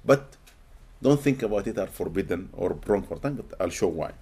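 A man from Sudan, giving an animated, expressive religious lecture to a live audience in a hall and often laughing. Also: deep voice, normal speed, slightly rough. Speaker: Islamic teacher.

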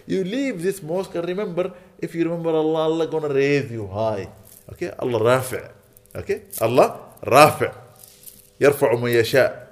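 A man preaching a sermon in a mosque, emphatic and repetitive, often checking in with his listeners and weaving in Arabic phrases and recitation. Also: fairly high pitch. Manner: emphatic, repeating points and checking in with "Okay?".

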